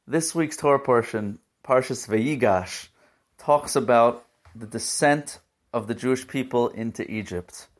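Male Torah teacher, mid-range voice, earnest and emotional storyteller. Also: medium pitch. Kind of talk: weekly Torah portion talk.

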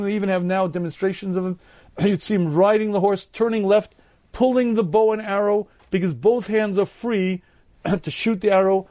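Higher-voiced man lecturing, clears throat often. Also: a little mellow. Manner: slow, deliberate storytelling delivery. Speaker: Torah lecturer. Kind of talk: live lecture.

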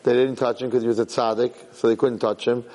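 Animated man teaching Torah in a hall. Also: medium pitch, fast. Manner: animated, repeats phrases for emphasis, Hebrew terms mixed in. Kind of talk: Torah class on the weekly portion.

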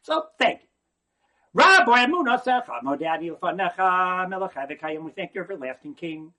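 A man giving an animated religious talk, swinging from hushed asides to near-shouting and often repeating words. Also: high voice, fairly quick.

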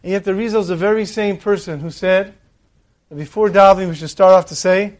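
A man preaching a sermon, telling a parable in an animated storytelling manner. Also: sits high, fast.

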